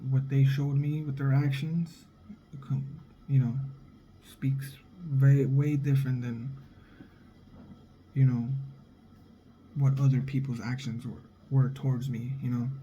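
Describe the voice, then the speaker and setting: A man's voice: mid-range voice, dark tone, dull audio, slight background noise. A young adult man and father, talking in a blunt, heated, profane casual monologue. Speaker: vlogger, father.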